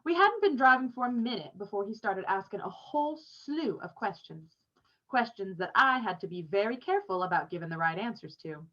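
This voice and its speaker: A woman reads a novel aloud, telling the story with expression. Her voice sits at a middle pitch. The recording is somewhat dull and lo-fi. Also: lively intonation, brisk, sharp tone. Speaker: reader.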